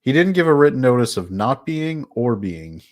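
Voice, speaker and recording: A man's voice: medium pitch, very animated, normal speed, darkish tone. Laughing man on a casual podcast. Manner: laughs often, puts on a joking Jersey accent for bits. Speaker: podcast host. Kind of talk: casual chat.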